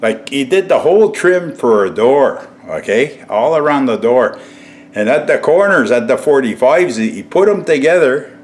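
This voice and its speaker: A man's voice: mid-range voice, animated, normal speed. A middle-aged man chuckling as he chats to viewers while showing a home repair. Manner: chuckling often, chatty, addresses viewers as folks. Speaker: DIY vlogger. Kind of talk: casual home-project demo.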